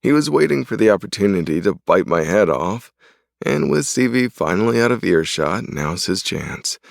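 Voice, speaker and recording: A man narrating a first-person audiobook chapter in a relaxed, cocky tone. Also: on the low side, normal speed, creaky, no room sound, clean studio sound.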